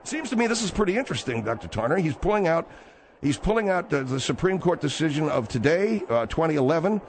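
Lively, brisk male radio host. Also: a little high, slight background noise. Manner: brisk, interrupting, wry. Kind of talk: comic talk radio hosting. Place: radio studio.

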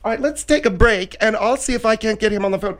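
A man's voice: high voice, fast talker, a bit bright, voice pushed up. A man voicing a nosy male journalist with a prying, fussy manner.

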